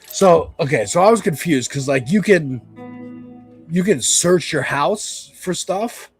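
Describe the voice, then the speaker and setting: A man's voice: on the high side, expressive, slow, faint music behind. A man streaming a video game, giving loose, rambling commentary with casual swearing.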